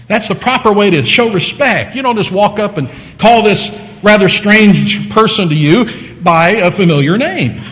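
A man preaching a sermon, teaching with lively emphasis and repeating phrases to drive points home. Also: high-pitched, big-room sound, low-quality recording. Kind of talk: sermon lecture.

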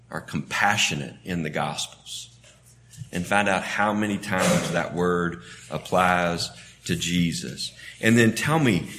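Southern American preacher, conversational. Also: male voice, pushed and bright, a little hiss or hum. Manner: conversational, with restarts and sudden lifts in pitch and volume. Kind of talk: sermon.

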